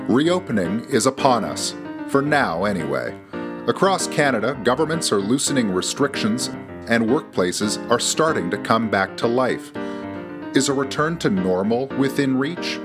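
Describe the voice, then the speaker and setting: A man's voice: mid-range voice, very animated, measured pace, over music. A man hosting a podcast, reading a scripted narration with a dry, wry delivery. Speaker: podcast host.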